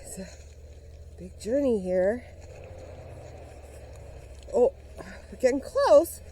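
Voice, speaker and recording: A woman's voice: fairly high pitch, very animated, very slow, dark tone, a little hiss or hum, poor audio. A woman vlogging outdoors on a forest trail, narrating a playful mock-spooky investigation and talking to her dog, a little out of breath. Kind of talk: mock-serious investigation vlog.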